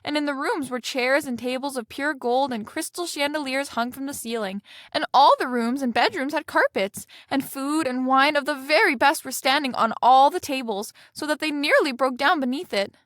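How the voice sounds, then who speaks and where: A woman with a high, light voice reads a fairy tale aloud in a gentle storybook manner. The sound is close and dry, with no room around it. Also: normal speed, hardly any pauses, dry recording.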